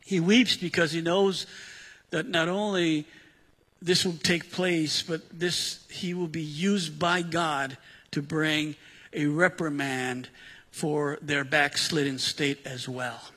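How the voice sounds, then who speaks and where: A man preaches an expository sermon, chatting with his congregation between verses. His voice is bright and a little husky. It carries a long reverb from the church hall around him. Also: fairly high pitch, slow. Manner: conversational, animated Bible teaching with asides. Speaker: pastor.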